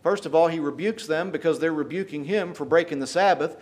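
A man preaching a sermon, retelling scripture dramatically with folksy paraphrase and getting louder on the quoted lines. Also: fairly high pitch, a little fast. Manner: emphatic, rises in volume for quoted lines.

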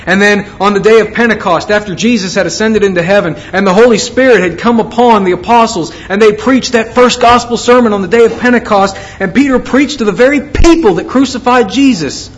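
High-voiced earnest male preacher. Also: fairly quick, hardly any pauses, muffled recording. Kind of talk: sermon.

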